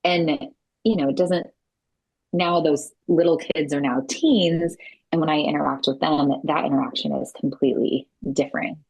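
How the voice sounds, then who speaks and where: A woman guest on a podcast, a mother of six, talking about parenting over a remote call in a gentle, earnest and reflective way. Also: deep voice, moderate pace, gravelly, breathy edge, dry recording, rough recording. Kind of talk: casual podcast conversation.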